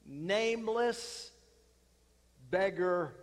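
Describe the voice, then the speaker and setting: A high-voiced man preaching a sermon, telling a story slowly and dramatically. His pauses hang in a large hall with a long echo. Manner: dramatic, slow retelling with pauses.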